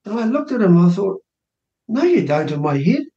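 A man in his sixties from New Zealand, an election candidate, guests on a radio show and tells a family story, animatedly acting out the voices he quotes in a casual interview. His voice sits high and he speaks briskly, with lo-fi sound in an echoey room.

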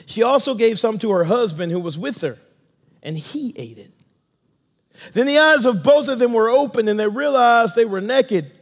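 A male pastor preaches with emphatic call and response in a church sanctuary. His voice sits notably high for a man. A long reverb rings out behind every phrase. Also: expressive, normal speed, creaky. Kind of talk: sermon. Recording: long reverb of a large room.

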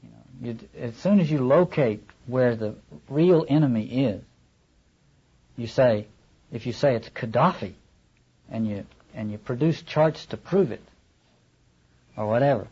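A man's voice: mid-range voice, measured pace, pauses often, dark tone, husky, lo-fi sound. A man lecturing on literature, reading passages aloud and adding wry asides.

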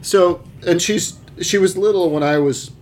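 A man's voice: high voice, a little slow, darkish tone, a little hiss or hum. A man co-hosting a casual podcast, rambling with many restarts and swearing freely. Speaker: podcast co-host.

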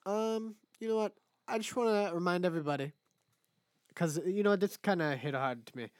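A young man, co-hosting a casual podcast, swearing freely and ranting with quick laughs. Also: high-pitched, no echo, clean studio sound. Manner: profane, ranting, laughs often. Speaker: podcast co-host. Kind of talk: casual chat.

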